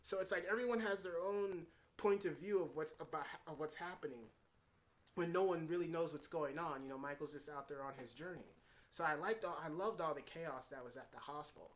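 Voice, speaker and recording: A man's voice: on the high side, brisk. Rambling man reviewing a film. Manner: rambling, heavy on fillers and restarts; retells scenes in paraphrased quotes. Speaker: movie reviewer. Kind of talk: casual unscripted film review.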